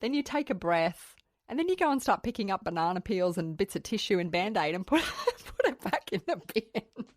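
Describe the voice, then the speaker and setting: A woman's voice: medium pitch, big pitch swings, normal speed, dry recording. A woman hosting a podcast interview, asking probing questions in a conversational way. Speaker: podcast host.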